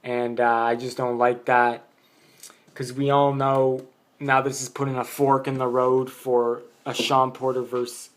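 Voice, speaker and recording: A man's voice: mid-range voice, flat delivery, a little slow. A man giving a casual, blunt boxing opinion monologue, rambling with many fillers. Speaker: boxing vlogger.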